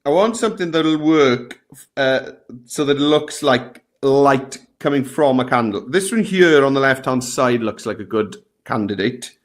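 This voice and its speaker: A man's voice: medium pitch, animated, unhurried. Chatty man teaching a lesson. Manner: chatty, guiding step by step. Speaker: tutorial host. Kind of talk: live software lesson.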